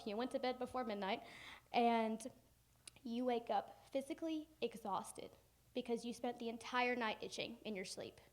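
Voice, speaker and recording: Young woman giving a keynote, kinda high voice, funny and animated, acts out everyone in her story. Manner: animated and humorous, acting out family members. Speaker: keynote speaker. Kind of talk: personal storytelling speech. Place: conference hall.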